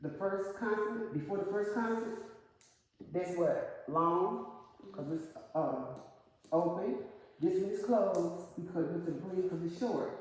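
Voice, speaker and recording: Woman teacher in a classroom, dark mellow voice, lots of echo, asks questions to prompt answers. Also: fairly low pitch, measured pace. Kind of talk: classroom instruction. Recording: echoey classroom with long reverb.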